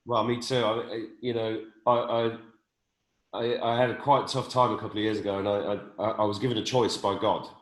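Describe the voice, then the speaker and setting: A man's voice: lowish voice, fairly even intonation, fairly quick, roomy sound, low-quality recording. A man in his fifties hosting a casual conversation, speaking earnestly with stammering restarts. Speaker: host.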